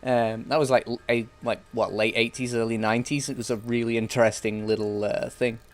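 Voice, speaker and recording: A man's voice: medium pitch, little pitch movement, fairly quick. A young man streaming a game, rambling and joking casually with some swearing. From England. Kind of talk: casual gameplay chat.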